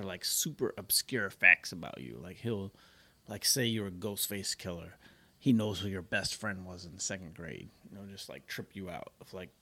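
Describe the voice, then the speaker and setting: A man co-hosting a casual podcast, rambling easily through stories over beer. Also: lowish voice. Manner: relaxed, rambling storyteller. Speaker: podcast co-host.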